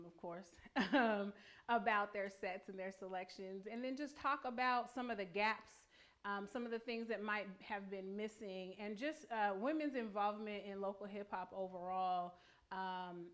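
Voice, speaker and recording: A woman hosting a live music talk stream, speaking casually with frequent fillers. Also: mid-range voice. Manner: relaxed, friendly, hesitant fillers. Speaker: host.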